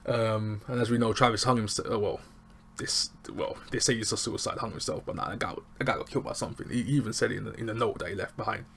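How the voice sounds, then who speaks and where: A man with casually recapping a TV episode, animated and chatty, acting out lines from scenes. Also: lowish voice, quick pace, gravelly, a little hiss or hum. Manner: animated, chatty, acts out quotes. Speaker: TV show reviewer.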